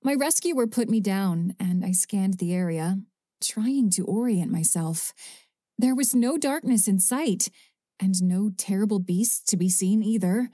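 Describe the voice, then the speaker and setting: In a mellow, mid-range voice, a woman narrates a first-person audiobook. The recording is dry, with clean studio sound.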